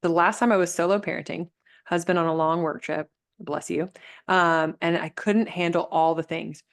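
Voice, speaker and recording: A woman coaching a group over a video call, reflective and gentle, often restarting her sentences. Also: lowish voice, steady tone, normal speed, vocal fry. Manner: gentle, reflective, thinks aloud with many restarts. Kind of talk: live online coaching session.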